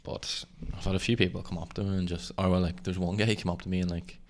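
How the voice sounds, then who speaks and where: A man's voice: low-pitched, flat delivery, quick pace. A young man telling a story in casual chat, blunt and sweary.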